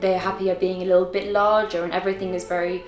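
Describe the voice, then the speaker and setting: A young English woman co-hosting a casual chat, talking quickly and enthusiastically. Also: lowish voice, little pitch movement, darkish tone, reverberant, soft background music, low-quality recording. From England. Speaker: co-host. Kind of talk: casual chat over wine.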